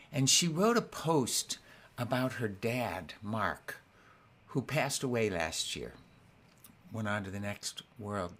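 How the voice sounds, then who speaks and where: A man hosting his weekly concert, talking softly and haltingly between songs, with many restarts. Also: on the low side, very animated. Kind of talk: casual spoken introduction between songs. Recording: guitar playing along in the background.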